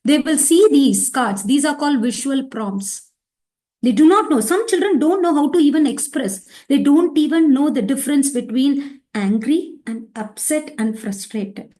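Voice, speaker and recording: Animated high-voiced woman trainer. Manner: animated, acts out child and teacher voices. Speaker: teacher trainer. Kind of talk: training workshop lecture.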